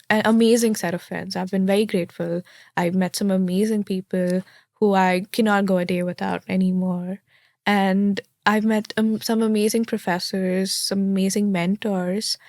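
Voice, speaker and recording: A woman's voice: medium pitch, a little mellow, no echo. Young woman from India, chatty and candid, acts out her thoughts in a plain, dry recording; a natural interview voice. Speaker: interviewee, law graduate. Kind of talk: casual interview answers.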